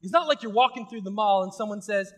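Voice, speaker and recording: A man preaching a sermon as pastor. He talks in a casual, conversational way, swinging between loud, emphatic bursts and quiet intensity. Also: high-pitched, fast talker.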